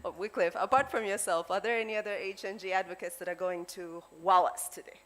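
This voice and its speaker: A woman's voice: medium pitch, fairly even intonation, a little fast, a bit bright. A woman from Uganda hosting an event, teasing the speakers playfully. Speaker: emcee.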